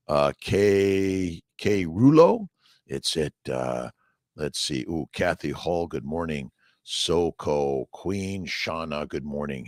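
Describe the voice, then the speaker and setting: A man's voice: very deep voice, no room sound, studio quality. A middle-aged man from Southern California, a doctor chatting casually on a morning livestream, answering viewer comments in a rambling, upbeat, motivational way.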